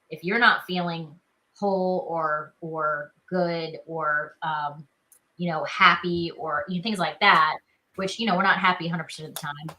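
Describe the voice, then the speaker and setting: A woman in her thirties from South Carolina with a warm Southern accent, a fairly low voice and a bright, forward tone. She talks in a chatty, upbeat way, full of "you know" and "like", as a guest on a video call interview. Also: poor audio. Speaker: guest, actress. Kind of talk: casual interview chat.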